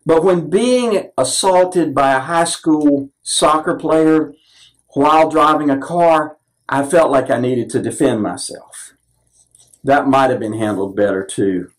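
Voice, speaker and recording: A man's voice: on the high side, low-quality recording. Older man preaching a sermon. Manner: earnest, self-deprecating storytelling. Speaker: minister.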